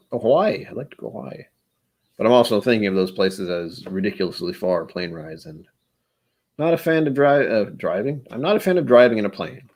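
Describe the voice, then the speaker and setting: A man with a fairly low voice that swoops up and down with lots of expression. He hosts his own vlog, rambling through casual solo musings and poking fun at himself. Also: darkish tone. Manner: rambling, self-deprecating humor. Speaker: vlog host.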